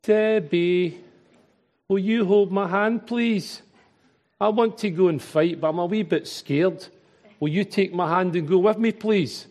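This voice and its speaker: A man's voice: high-pitched, unhurried, a little mellow, pitched above the performer's own voice. A man with a Glaswegian accent putting on a timid, pleading young warrior who talks like a frightened little boy. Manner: pleading, whiny.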